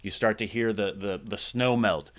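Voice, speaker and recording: A man's voice: lowish voice, fairly even intonation, normal speed, a bit bright. A man hosting a podcast in casual chat, rambling with lots of fillers and restarts. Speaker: podcast host.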